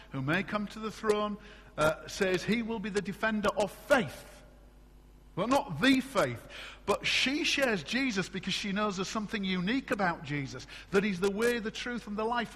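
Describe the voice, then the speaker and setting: A middle-aged man from England preaching a sermon in a church, animated and conversational, often asking the congregation questions. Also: high-pitched, long reverb tail. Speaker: pastor.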